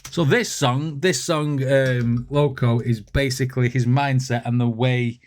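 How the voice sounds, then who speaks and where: A man's voice: mid-range voice, fairly even intonation, unhurried. A man hosts a music reaction video, breaking down lyrics with chuckles and enthusiasm. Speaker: music reaction channel host. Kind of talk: casual reaction commentary.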